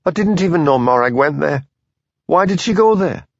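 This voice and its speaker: A man voicing a small, sharp-tongued woman designer with a Yorkshire accent who answers curtly and defensively in an audiobook. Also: on the high side, animated, moderate pace, dry recording, dull audio, voice pushed up. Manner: curt, defensive, prickly.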